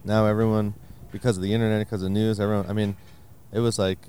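Man, podcast host, rapid talker, lower voice, easygoing questions. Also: flat delivery, warm tone, a little hiss or hum. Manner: quick, loose questions with fillers. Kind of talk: casual interview.

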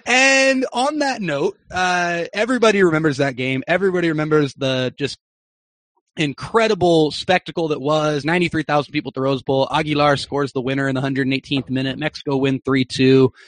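A young man recounting a story with excitement as a guest on a soccer podcast. His voice sits a little higher than most men's. The sound is close and dry, with no room echo. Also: a little fast. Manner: animated, excited anecdote-telling.

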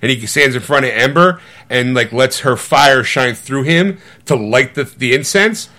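Animated man retelling a film. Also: medium pitch, a little slow. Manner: animated storytelling, acts out quotes with swearing. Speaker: podcast co-host. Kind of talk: casual chat.

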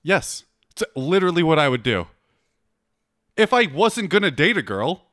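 A man's voice: a little high, big pitch swings, normal speed, fairly bright tone, no room sound, studio quality. A man in casual chat, teasing a friend with blunt dating advice, swearing freely and laughing often. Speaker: co-host giving dating advice.

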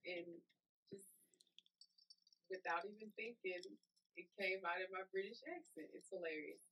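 A woman's voice: on the low side, a little slow, pauses often, fairly bright tone, slight background noise, rough recording. A woman in her forties, a podcast guest, telling a story animatedly and acting out the dialogue. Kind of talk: casual storytelling.

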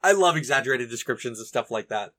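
Bright-voiced laughing man. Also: mid-range voice, animated, fast. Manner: laughing, playful, acts out characters. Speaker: podcast co-host. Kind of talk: casual book discussion chat.

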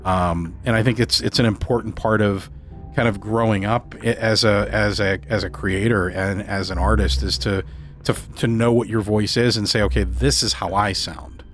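A man's voice: on the low side, steady tone, moderate pace, a bit bright, slight background noise. A man hosting a podcast, thoughtful and articulate in casual interview chat. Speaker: podcast host.

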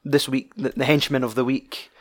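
A man's voice: mid-range voice, flat delivery, normal speed. A young man with a Scottish accent chatting casually about a film, rambling and swearing freely.

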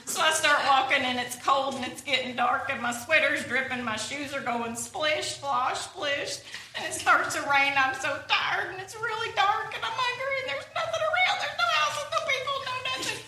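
A woman's voice: high voice, normal speed, pushed and bright, a little hiss or hum, voice pushed up. A woman reading aloud from a storybook, voicing an anxious male walrus who frets and spirals into panic. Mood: panicked spiral. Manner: nervous, catastrophizing, rising into panic. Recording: echoey room, voice from a distance.

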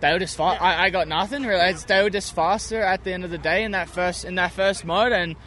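An Australian man with a high, bright voice gives a chatty post-race interview. He sounds upbeat and easygoing, speaking outdoors at a race track with a faint hiss behind him. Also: quick pace. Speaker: motocross racer.

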